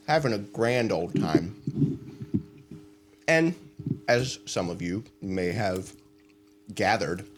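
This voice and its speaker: Animated, laughing male podcast host. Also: medium pitch, a little hiss or hum. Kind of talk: casual chat.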